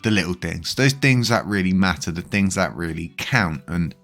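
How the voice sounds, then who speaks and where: A man's voice: sits low, normal speed, fairly bright tone, faint music behind. A man talking casually to his viewers as a crypto news vlogger, chatty and loose, with lots of fillers and restarts. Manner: chatty, many fillers and restarts, chuckles now and then. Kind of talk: casual commentary to camera.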